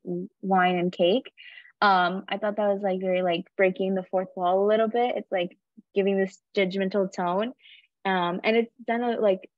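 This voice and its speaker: A woman's voice: mid-range voice, no echo. Hesitant young woman student, lo-fi sound. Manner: hesitant, full of ums and likes. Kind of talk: class discussion. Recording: dull lo-fi, dry sound.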